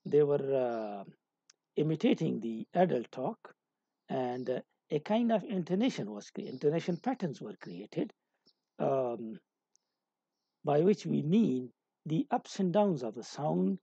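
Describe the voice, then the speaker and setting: Male lecturer, very dark husky voice, halting explanations, dull lo-fi dry sound. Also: fairly high pitch, very animated, no room sound. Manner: explaining with many hesitations and restarts. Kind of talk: recorded lecture.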